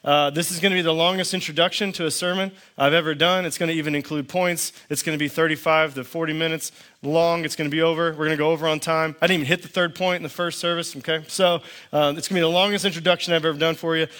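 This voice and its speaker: Pastor guy giving a sermon, kinda high voice, dry jokey delivery, tells stories. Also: steady tone, quick pace, pushed and bright. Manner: dry storytelling with quoted back-and-forth.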